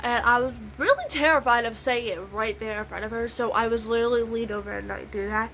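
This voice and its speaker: This time she talks fast, her voice on the high side and a bit bright. Doing her makeup, she rambles through a long story, full of repeated phrases like "literally" and "I was like." The recording is rough, with slight background noise.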